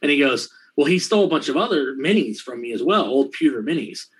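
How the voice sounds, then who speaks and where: A man telling a profane anecdote in casual chat, laughing often and acting out the other people's lines in quick, rambling bursts. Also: medium pitch, expressive, breathy edge, rough recording. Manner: quick, rambling delivery with fillers. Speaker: storyteller in a conversation.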